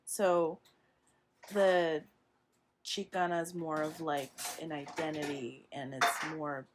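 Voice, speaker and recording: Woman interviewer, lowish voice, curious questions, casual phrasing, faint background hiss. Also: steady tone, slow. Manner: curious, prompting questions with many likes. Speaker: interviewer, graduate student.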